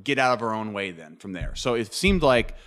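A man speaking as a guest analyst in casual sports talk, explaining plays in a measured way. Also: fairly low pitch, sing-song, fairly bright tone.

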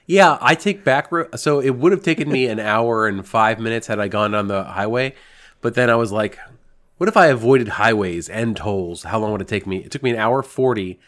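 A man co-hosting a sports podcast in casual chat, slightly hoarse, with a dry, wry humor. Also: fairly low pitch, moderate pace, a bit bright. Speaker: podcast co-host.

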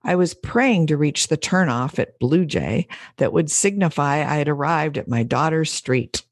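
A woman podcast host and business coach reading an essay aloud in a measured, storytelling way. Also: low voice, expressive, no room sound, studio quality.

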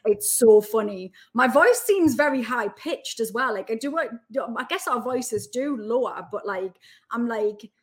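A woman in her thirties with a Geordie accent, chatting as a podcast guest in a lively, storytelling way full of fillers. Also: a little high, unhurried. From Newcastle, England. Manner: chatty, animated storytelling with lots of "like". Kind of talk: casual chat.

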